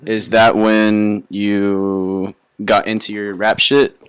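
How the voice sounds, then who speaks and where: A man's voice: lowish voice, level tone, slow pace, clean tone. A man hosting a casual interview, mostly giving short reactions and questions. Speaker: interviewer, host.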